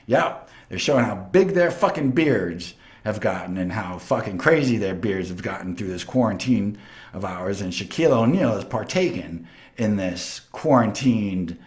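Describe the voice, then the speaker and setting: A man from Long Island with a New York accent, hosting a show and telling stories in a boastful, profane, casual way. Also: fairly low pitch. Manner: animated, boastful, heavily profane. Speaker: host. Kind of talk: casual storytelling.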